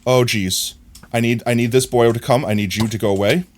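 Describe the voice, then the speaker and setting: A man streaming a video game live, talking to himself in excited, frantic bursts as he plays. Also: mid-range voice, brisk, a little hiss or hum. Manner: excitable, frantic, talks to himself while playing. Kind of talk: live gameplay commentary.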